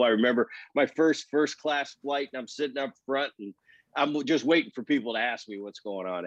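A man's voice: mid-range voice, normal speed, no echo. A man in his fifties, a former ballplayer, telling stories in an interview and acting out the dialogue. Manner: animated storyteller, acts out quoted dialogue. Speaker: former baseball player, guest. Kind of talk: relaxed storytelling interview. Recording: dry, slightly dull sound.

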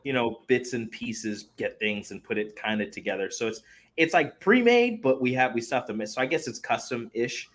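A man co-hosting a podcast in casual chat, relaxed and often trailing off with fillers. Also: mid-range voice, fairly quick. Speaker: podcast co-host.

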